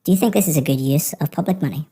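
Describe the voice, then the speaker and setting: Woman examiner, low pitch, mellow tone, encouraging and explanatory in one-on-one feedback. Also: very fast, husky. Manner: encouraging, explains with spoken examples. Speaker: English speaking test examiner giving feedback.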